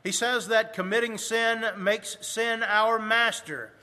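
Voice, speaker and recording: High, bright-voiced preacher in a reverberant hall. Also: male voice, fairly even intonation. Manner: reads scripture in King James wording, slows for emphasis. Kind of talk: sermon.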